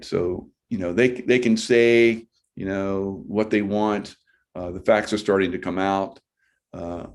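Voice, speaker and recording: Middle-aged male host, low voice, rambling casual commentary over read-out news. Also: darkish tone. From United States. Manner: rambling, reads headlines aloud with asides.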